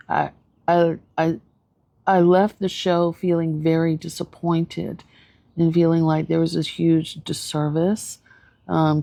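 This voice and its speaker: A woman speaks in a low, gravelly register, sharing her view of a show in a casual, reflective way. She hesitates often, filling pauses with ums and restarting her sentences. The sound is dry and close, with no room around her. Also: mellow, no room sound. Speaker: therapist reviewing a show. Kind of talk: casual video commentary.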